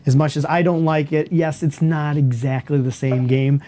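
A man's voice: fairly high pitch, flat delivery, moderate pace, mellow. Upbeat chatty male podcast host. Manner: chatty, upbeat announcer bursts. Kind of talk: casual podcast chat.

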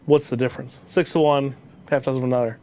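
A man co-hosting a casual podcast, often dropping in quick agreements. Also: mid-range voice, fairly even intonation, mellow. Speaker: podcast co-host.

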